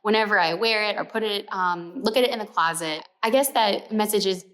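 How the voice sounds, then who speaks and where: A young adult woman casually telling a personal story, animated, with lots of "like" fillers and dropping to a whisper for the gross parts. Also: mid-range voice, fairly quick. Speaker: sewing pattern company storyteller.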